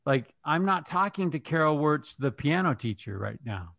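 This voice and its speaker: A man's voice: fairly high pitch, sing-song, moderate pace, vocal fry, a bit bright, no room sound. Upbeat man co-hosting a podcast. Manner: storytelling, upbeat, laughs easily. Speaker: podcast co-host. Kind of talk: casual interview chat.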